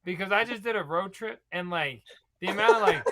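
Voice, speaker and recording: Bright-voiced chatty man, high pitch. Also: brisk. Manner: animated, rambling storyteller. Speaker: podcast co-host. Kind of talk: casual chat.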